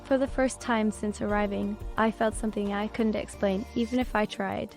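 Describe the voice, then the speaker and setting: Female audiobook narrator, even first-person storytelling, flat and steady. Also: medium pitch, moderate pace, creaky, few pauses. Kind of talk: scripted narration. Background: soft background music.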